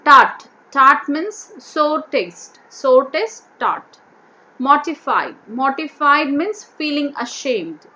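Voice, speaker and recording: A woman teacher going through a vocabulary worksheet, repeating each word and slowly sounding out its syllables. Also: high-pitched, very animated, sharp tone, slight background noise. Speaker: English teacher.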